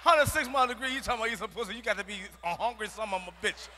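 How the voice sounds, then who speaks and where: A man performs stand-up on a large arena stage with a strikingly high voice. His delivery is loud, profane and emphatic, breaking into shouts. The sound rings with the long reverb of the arena, and there is a faint murmur behind him. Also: racing, slight background noise. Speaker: stand-up comedian. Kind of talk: stand-up routine.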